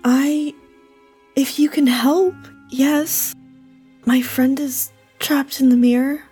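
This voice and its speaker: A woman's voice: high-pitched, steady tone, slow pace, warm tone, faint music behind, pitched above the performer's own voice. A woman playing an anxious, earnest adventurer. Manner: hesitant, earnest.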